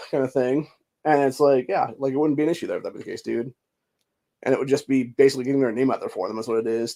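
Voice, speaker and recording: A man's voice: medium pitch, mellow. Rambling, profane man in casual commentary. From Ohio. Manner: rambling, profane, fillers like dude and bro. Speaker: podcast host.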